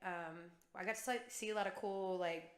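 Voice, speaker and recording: A woman's voice: medium pitch, fairly even intonation, normal speed, echoey room. A woman in her thirties co-hosting a casual podcast chat, talking in a laid-back way about her kids. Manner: laid-back, chatty, laughs along. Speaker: podcast co-host.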